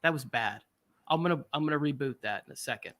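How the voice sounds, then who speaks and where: A man hosting a sports podcast, talking in an animated, jokey way and slipping into quick impressions. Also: on the high side. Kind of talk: casual sports talk.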